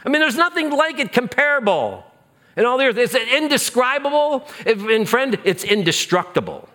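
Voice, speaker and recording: Lively, bright-voiced preaching man. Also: extremely high pitch, moderate pace. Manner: emphatic preaching with repetitions, dropping to a hush on key phrases. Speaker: pastor. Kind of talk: sermon.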